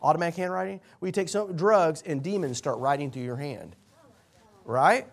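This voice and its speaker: Male pastor, high gravelly voice, animated storyteller, rambling with restarts. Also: moderate pace. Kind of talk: sermon storytelling.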